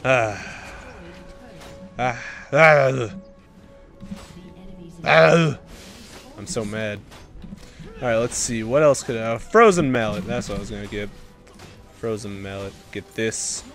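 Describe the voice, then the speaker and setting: Brief: young male gamer, commentating his own match, pitch jumps all over, faint music behind. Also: takes it slowly, long pauses. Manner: excitable, swearing, shouting bursts. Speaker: gaming commentator. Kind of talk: live gameplay commentary.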